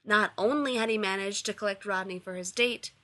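A woman narrating a story aloud with a bright, forward tone. Her pitch sits in the middle, and she reads steadily through long sentences. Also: a little fast. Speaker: reader. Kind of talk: reading fan fiction aloud.

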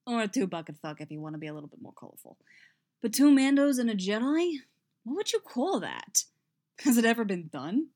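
A woman's voice: low-pitched, racing, few pauses, a little mellow, no echo, clean studio sound, voice pushed down, natural voice. Woman voicing a chatty teasing warrior man. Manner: playful, rambling.

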